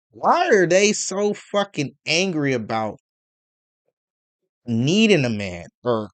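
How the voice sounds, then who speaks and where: A man's voice: mid-range voice, no echo. A man giving casual ranting commentary, profane and rambling, piling up rhetorical questions between stammered fillers. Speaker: commentary vlogger.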